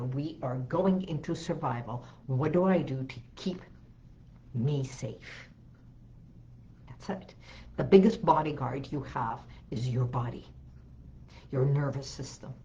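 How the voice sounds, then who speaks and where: A woman hypnotherapist hosting a talk, slowly guiding listeners through calming phrases and breathing, often repeating soothing lines. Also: low-pitched, lo-fi sound. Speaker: hypnotherapist host.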